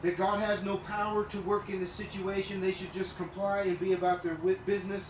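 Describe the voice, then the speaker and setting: A man preaching a sermon, emphatic, swinging between loud declarations and quiet asides. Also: high-pitched, level tone, a little fast, noisy background. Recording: echoey room, mic far off, dull sound, faint ambience.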